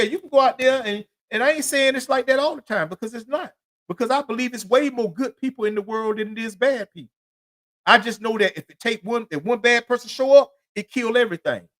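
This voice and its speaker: A man with a fairly high, slightly bright voice hosts his own podcast solo. He rambles through profane street stories in loose, casual slang, repeatedly saying "you know what I'm saying."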